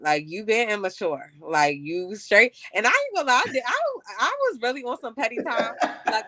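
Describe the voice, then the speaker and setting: Young woman, candid casual chat, bright smooth voice, dry close mic. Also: fairly high pitch, no echo. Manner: candid, casual, frequent "like" and "you know".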